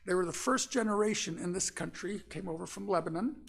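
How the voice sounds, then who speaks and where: Gravelly older man telling a sermon story. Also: sits high. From Florida. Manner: relaxed and folksy, with frequent pauses and fillers. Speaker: minister. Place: church sanctuary.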